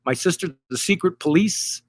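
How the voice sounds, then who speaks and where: Rambling middle-aged stand-up comedian. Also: male voice, high voice, moderate pace, dry recording, clean studio sound. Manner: rambling, loose delivery with deadpan punchlines. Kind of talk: casual stand-up monologue to camera. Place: hot tub. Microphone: camera mic.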